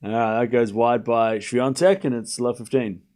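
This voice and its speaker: He's a young streamer giving casual live play-by-play during a tennis watchalong, speaking at a moderate pace in a mid-range voice. Relaxed throughout, he jokes around with chat and laughs now and then.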